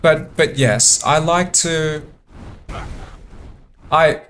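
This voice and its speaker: A man giving relaxed gameplay commentary, thinking aloud in a halting way and repeating words often. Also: fairly high pitch, a little hiss or hum. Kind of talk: relaxed let's-play commentary.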